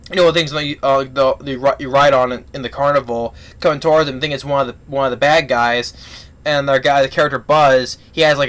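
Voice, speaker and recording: A man giving a casual spoken movie review, retelling the plot in a rambling, halting way full of restarts. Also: on the high side, fairly bright tone.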